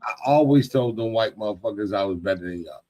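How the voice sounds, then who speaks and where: A man's voice: fairly low pitch, lively intonation, fast, darkish tone, highs cut off. A man in a casual podcast chat, telling work stories in a blunt, profane, boastful way.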